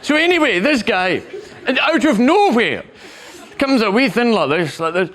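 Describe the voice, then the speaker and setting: A man's voice: very high-pitched, big pitch swings, measured pace, a bit bright, full character voice. An Australian man doing a put-on Scottish accent as a crude, rowdy stand-up comic who swears and cackles through a rambling story. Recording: studio stage with band and crowd noise.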